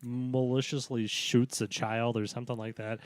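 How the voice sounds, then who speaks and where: A man's voice: mid-range voice, level tone, moderate pace, dry recording, clean studio sound. A man co-hosting a podcast, telling crude workplace stories in a laid-back, casual way. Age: adult. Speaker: podcast co-host. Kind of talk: casual chat.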